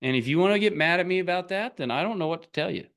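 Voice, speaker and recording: Blunt, lively motivational man. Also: sits high, rapid-fire. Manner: blunt, rambling, laughs often. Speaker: online business coach. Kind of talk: casual motivational talk to camera.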